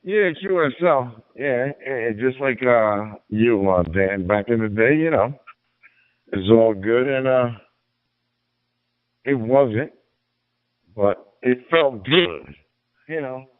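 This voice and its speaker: A man's voice: mid-range voice, lively intonation, takes it slowly, long pauses, dry recording. Rambling man over a dry radio link. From Illinois. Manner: rambling, repeats words, folksy. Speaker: amateur radio operator. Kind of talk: casual radio chat. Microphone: radio transceiver mic. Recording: narrow, dry radio transmission.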